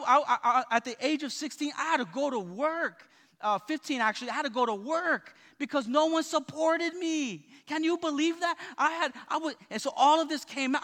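A pastor from Southern California preaches with a very high, forceful, bright voice. He drives his sermon with repetition and call-and-response. The sound carries the long reverb of a church hall. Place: church sanctuary.

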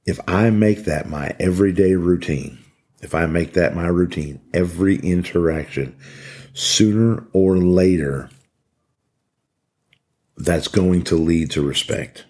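A middle-aged man with a very low, husky voice gives a motivational talk. He speaks earnestly and with emphasis, repeating his key points to drive them home. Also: measured pace, darkish tone. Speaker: podcast host speaking to corrections officers.

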